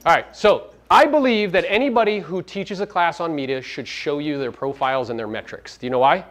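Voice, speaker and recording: A man's voice: a little high, fairly quick, fairly bright tone. A man giving a live motivational seminar talk to real estate agents, brash and profane, firing rhetorical questions at the audience.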